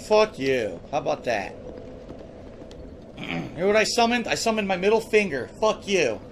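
A man's voice: high voice, big pitch swings, normal speed, creaky, long pauses, a little hiss or hum. A man giving live gameplay commentary, ranting with profane frustration and heavy sarcasm. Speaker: gaming streamer.

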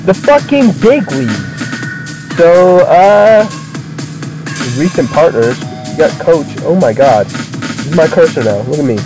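Profane, excitable gamer man, lively pitch. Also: slow pace, poor audio. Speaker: gamer playing a wrestling game. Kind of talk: casual gameplay commentary. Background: game music.

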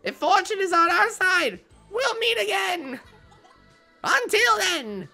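Synthetic woman's voice for a shrill, earnest game villager, solemn scripted lines, bouncy contour. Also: big pitch swings, slow pace, sharp tone, faint music behind, exaggerated voice. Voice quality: synthetic speech voice. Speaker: game character. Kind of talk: video game dialogue.

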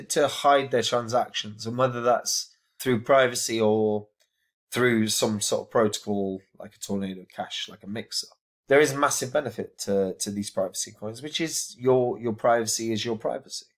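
A man's voice: medium pitch, moderate pace. A man giving a casual crypto review to camera, earnest and emphatic, often repeating his words for stress.

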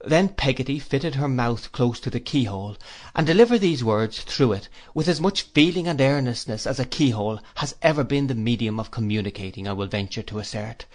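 Man reading a classic novel aloud. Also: mid-range voice. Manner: measured, reflective storytelling. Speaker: audiobook reader. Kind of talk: audiobook narration.

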